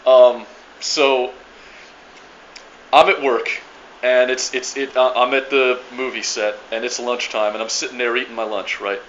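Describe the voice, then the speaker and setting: A man's voice: mid-range voice, little pitch movement, a little slow, fairly bright tone, highs cut off, slight background noise. A man ranting to his viewers in a profane, rambling monologue, full of restarts and stammered repeats. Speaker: video blogger ranting to viewers.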